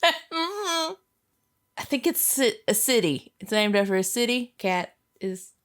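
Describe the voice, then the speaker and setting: A woman hosting a casual movie reaction, giggly and animated, speaking into a desk mic at home. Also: mid-range voice. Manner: giggly, animated, quick to laugh. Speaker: reaction video host. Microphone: USB desk mic.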